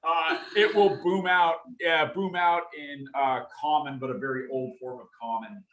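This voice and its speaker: A man narrating as game master for a tabletop game, halting with many fillers. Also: a little high, fairly even intonation, fairly bright tone, muffled recording. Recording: roomy echo.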